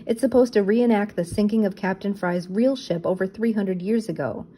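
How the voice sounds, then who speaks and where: A woman reading aloud, voicing a clever young woman who explains things calmly. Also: medium pitch, normal speed, natural voice.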